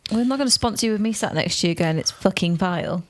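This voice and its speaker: A woman's voice: mid-range voice, animated, racing. A woman co-hosting a podcast, teasing dryly in casual chat. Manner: dry, teasing. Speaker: podcast co-host.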